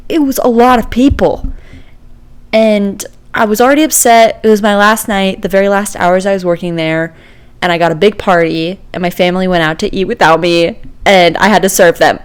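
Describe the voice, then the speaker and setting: Laughing, animated woman telling a story. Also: fairly low pitch, clean tone. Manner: acts out quoted voices. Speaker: podcast co-host. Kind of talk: casual storytelling chat.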